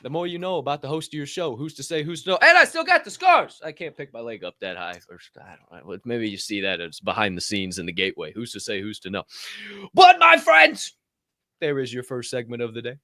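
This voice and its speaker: A young man hosting a casual podcast, telling stories with swearing and sudden shouted bursts. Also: mid-range voice, sing-song, fast talker, hardly any pauses, no echo, clean studio sound. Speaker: podcast host.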